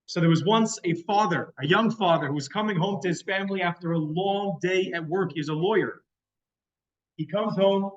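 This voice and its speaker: A man giving a conversational, storytelling sermon as a rabbi. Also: sits high. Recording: dull lo-fi sound.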